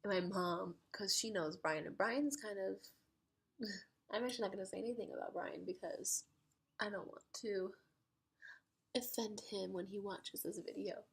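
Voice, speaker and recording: Brief: female vlogger, gravelly fry, husky edge, chatty and excitable storyteller. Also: mid-range voice, normal speed. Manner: excitable, chatty, heavy use of "like". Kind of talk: casual storytelling.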